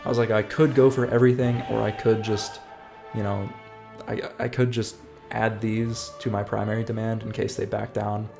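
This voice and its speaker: A man's voice: on the low side, flat delivery, normal speed, vocal fry. A man giving casual, upbeat, jokey commentary over his strategy game playthrough. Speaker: gaming channel host. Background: faint game music.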